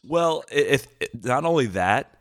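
A man hosting a podcast in casual chat, talking in quick bursts and laughing often. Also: mid-range voice, expressive, a bit bright, no echo, clean studio sound. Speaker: podcast host.

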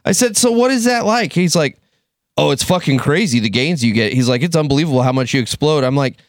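A man's voice: mid-range voice, fast, dry recording, studio quality. A man co-hosting a trades podcast, telling blunt, profane stories in casual chat. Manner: blunt, laughing, profane storytelling. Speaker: podcast co-host.

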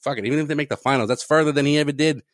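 A man's voice: on the high side, racing, no room sound. A man co-hosting a casual sports podcast, rambling and profane, laughing often between points. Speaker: podcast co-host.

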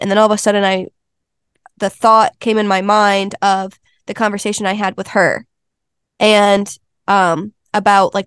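Smooth-voiced woman, chatty interview guest. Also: medium pitch, no room sound, clean studio sound. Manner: chatty, earnest storytelling. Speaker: Ayurveda health counselor and intuitive healer, interview guest. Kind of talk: casual interview chat.

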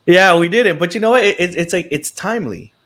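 A man's voice: high voice, fairly quick, a bit bright. A man hosting a podcast, chatting casually and responding with short encouraging affirmations. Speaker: podcast host. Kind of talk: casual interview chat.

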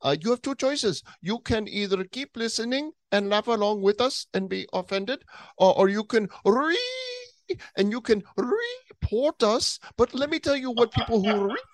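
A man putting on a high, exaggerated comic accent, pitched well above his normal voice and bouncing around a lot. The delivery is ranting and theatrical, like a podcast comedy bit, and the sound is dry and close. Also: big pitch swings, moderate pace, dry recording. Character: man's comic put-on foreign accent voice.

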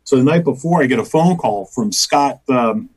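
Animated husky-voiced male comedian telling stories. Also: mid-range voice, moderate pace. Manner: animated storyteller, acts out voices and quotes, laughs often. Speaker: guest comedian and voice actor. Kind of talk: casual storytelling chat.

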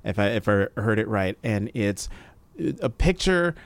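A man's voice: on the low side, expressive, a little slow, dry recording. Hesitant male interviewer, dry sound. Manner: prompting, hesitant, with fillers and restarts. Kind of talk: conversational interview.

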